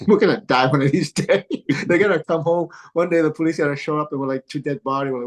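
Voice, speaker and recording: A man's voice: medium pitch, fast, rough recording. A middle-aged man coaching golf, speaking in a podcast interview. He tells stories with plenty of energy, laughs often, and acts out the voices of the people he quotes. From came to the U.S. as a kid. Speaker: golf coach and father of a pro golfer. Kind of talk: animated storytelling in a podcast interview.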